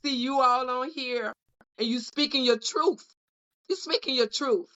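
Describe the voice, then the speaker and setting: This woman's high-pitched, somewhat bright voice comes at a slightly slow pace. Representing a union caucus as co-host, she gives heartfelt closing remarks on a podcast panel, full of emotion and preacher-style repetition. Sound quality is dull and lo-fi.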